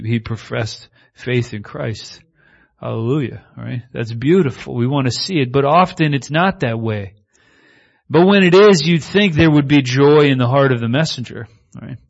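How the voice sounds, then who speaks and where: A man preaching a sermon in a conversational style, moving between reading scripture and lively asides. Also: medium pitch. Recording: slightly muffled recording.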